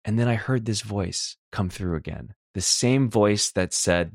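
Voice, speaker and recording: A man's voice: low-pitched, measured pace, hardly any pauses, dry recording, studio quality. A young man from Los Angeles hosting a podcast, telling a personal story in an earnest, reflective way. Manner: earnest, reflective, voices quoted people himself. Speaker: podcast host.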